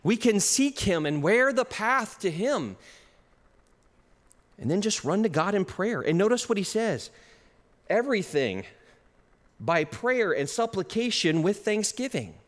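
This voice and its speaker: A man preaching a sermon as pastor, animated, with chuckles and shifts in pace. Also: high voice, measured pace, long pauses. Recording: long reverb of a hall.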